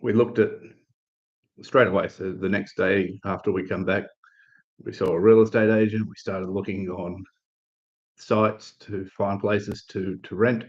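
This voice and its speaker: A man from Australia chatting casually on a live stream, telling a relaxed, rambling story with restarts and fillers. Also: deep voice, measured pace, highs cut off.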